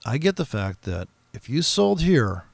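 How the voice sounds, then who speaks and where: Gravelly male trader, casual and profane, rambling over his charts, close dry mic. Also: mid-range voice, sing-song, unhurried, dry recording. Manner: rambling, profane, mimics other traders in quoted voices. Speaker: forex trader streaming his trading. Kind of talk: profane casual trading commentary.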